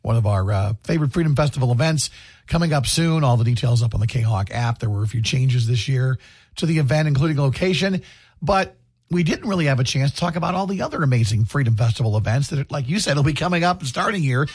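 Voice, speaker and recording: Lively, slightly husky male radio host. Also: mid-range voice, fast. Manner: jokey, laughs often, animated delivery. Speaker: radio morning show co-host. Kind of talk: upbeat radio banter. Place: radio studio. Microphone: studio microphone.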